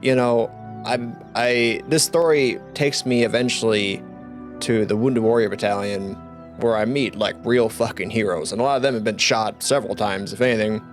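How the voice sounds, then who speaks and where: A man's voice: lowish voice, moderate pace, soft background music. Rambling, profane young man telling a story. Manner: rambling, profane, laughing through a grim story. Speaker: veteran storyteller, channel host. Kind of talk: casual storytelling vlog.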